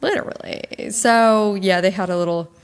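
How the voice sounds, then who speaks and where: A woman's voice: mid-range voice, normal speed, smooth. A young woman co-hosting a podcast, telling stories in casual chat with lots of fillers. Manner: chatty storyteller, lots of fillers. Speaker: podcast co-host.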